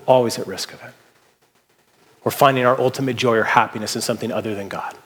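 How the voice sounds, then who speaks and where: A man from the Seattle area, a pastor giving a casual, story-filled sermon with relaxed fillers. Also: mid-range voice, quick pace, slightly rough, big-room sound. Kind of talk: conversational sermon.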